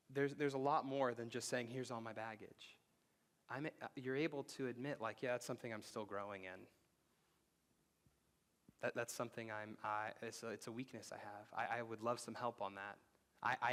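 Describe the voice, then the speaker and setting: A pastor preaching to his congregation in a church sanctuary. His voice sits a little low, and his delivery is loose and conversational. He drops to a near-hush when he wants a line to land. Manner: conversational, drops to a hushed voice for emphasis. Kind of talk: sermon.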